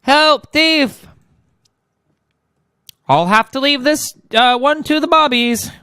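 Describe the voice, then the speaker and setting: High chirpy english heroine in a rush, strained falsetto accent, man reading from a comic. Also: lively intonation, slow, fairly bright tone, no room sound, studio quality, heavily acted. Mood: hurried.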